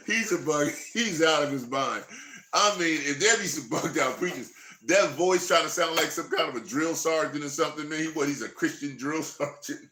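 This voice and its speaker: Guy reading bible verses slow then riffing and chuckling, bright forceful voice, echoey room. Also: fairly high pitch. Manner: reads scripture slowly, breaks into lively asides with chuckles. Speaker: Bible teacher. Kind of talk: Bible study, reading scripture aloud.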